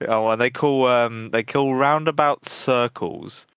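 A man's voice: mid-range voice, fairly even intonation, a little slow, a bit bright, smooth, dry recording. A man co-hosting a podcast, laid-back and slangy, laughing through casual banter. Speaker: podcast co-host.

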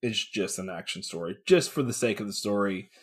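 Animated, laughing man reviewing comics. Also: lowish voice, brisk, slightly rough. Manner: animated, swears, laughs often, acts out characters' lines. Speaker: podcast co-host. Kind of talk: casual comic book review chat.

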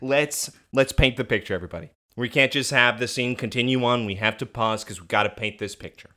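A man co-hosting a casual podcast, recapping a TV episode and acting out the characters' lines. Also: fairly quick. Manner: animated, acts out characters' lines in a higher voice. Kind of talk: casual chat.

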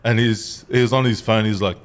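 A man's voice: on the low side, steady tone, brisk. A man telling a story on a podcast, laughing, swearing and acting out what others said. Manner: laughing, swearing, acts out quotes. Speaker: podcast co-host. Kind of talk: casual storytelling chat. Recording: faint background noise.

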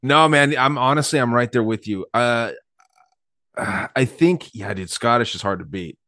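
A man co-hosts a podcast, blunt and laid-back as he chats casually. His voice is fairly low and sounds dry and close. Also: unhurried, bright, forceful tone, dry recording. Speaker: podcast co-host. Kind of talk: casual chat.

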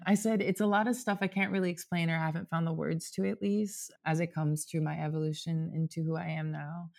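Speaking a little fast in a slightly high, flat voice with vocal fry and a darkish tone, this thirty-something guest opens up at length. Recorded at home in his apartment, the conversation is casual and heartfelt, full of "like" and offhand swearing.

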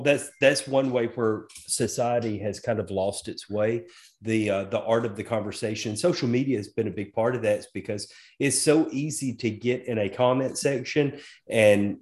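A man's voice: lowish voice, moderate pace, a little mellow. Easygoing, folksy middle-aged man. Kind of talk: casual chat.

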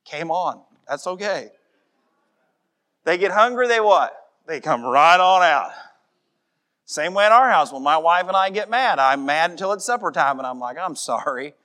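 A middle-aged man preaching a sermon as pastor, emphatic, dropping to a soft voice in prayer. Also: a little high, animated, moderate pace.

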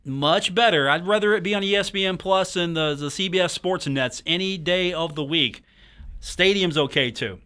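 A man's voice: sits high, moderate pace, sharp tone, smooth. A man hosting a sports radio show in a studio, talking in a joking, teasing, rambling way. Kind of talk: casual sports talk radio monologue.

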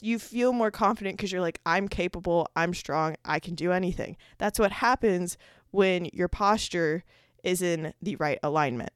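A young woman hosting her own podcast, talking casually in an animated, chatty way with laughs and restarts. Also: lowish voice, clear, resonant tone, no room sound, studio quality. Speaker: podcast host. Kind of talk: casual solo podcast talk.

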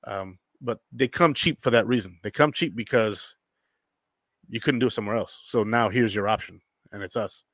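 Guy hosting a sports chat, bright punchy voice, jumps between loud and quiet, dry close sound. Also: lowish voice, dry recording. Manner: energetic, animated, joking, quick bursts. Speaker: sports show host. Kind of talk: casual sports chat reading viewer comments.

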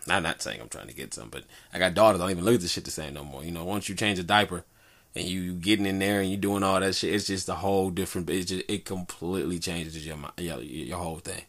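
Sex: man. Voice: gravelly, very low. Style: rambling casual monologue. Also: fast, a bit bright. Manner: rambling, profane, laid-back storytelling. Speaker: father. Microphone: good microphone.

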